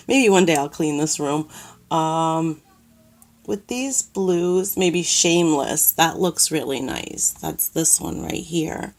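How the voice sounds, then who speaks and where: A woman with a New York accent chatting slowly through a makeup tutorial in a cluttered room at home. She rambles, fills the gaps with ums and restarts her sentences, and sounds a little nervous in front of the camera. Her voice sits somewhat low. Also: a little hiss or hum. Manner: self-conscious, says she is nervous on camera. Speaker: makeup vlogger. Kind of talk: casual makeup tutorial chat.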